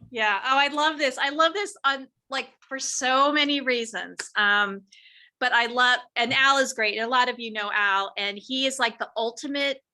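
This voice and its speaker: A woman hosting a roundtable over a video call, her voice bright and crisp, sitting a touch high. She answers the others in an upbeat, affirming, chatty way. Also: measured pace. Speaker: roundtable moderator.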